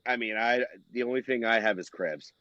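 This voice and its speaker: Male co-host, crude jokes, halting delivery, dull lo-fi remote sound. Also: mid-range voice, bright, forceful tone, no echo. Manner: crude joking, halting with many fillers. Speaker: podcast co-host. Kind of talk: casual chat. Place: home studio.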